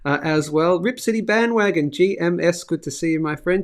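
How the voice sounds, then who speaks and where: A man's voice: on the high side, moderate pace. A middle-aged man with an Australian accent, hosting a live finance show in a chatty, upbeat way and reading viewer comments aloud. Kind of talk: casual live-stream chat.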